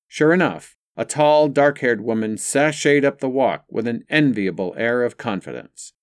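A man narrating an audiobook in a steady, even reading style. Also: medium pitch, normal speed, hardly any pauses, no echo, clean studio sound.

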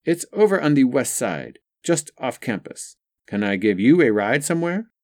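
A man's voice: mid-range voice, big pitch swings, normal speed, pitched above the performer's own voice, close to an everyday voice. A male narrator voicing a frank, wry young single mother in an audiobook story.

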